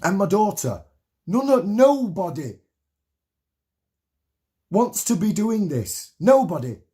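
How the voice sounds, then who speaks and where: Speaking slowly in a warm, high-pitched voice with big swings in pitch, a man in his late thirties delivers an impassioned monologue to camera. It's a heated, rallying rant full of swearing, and he repeats himself for emphasis.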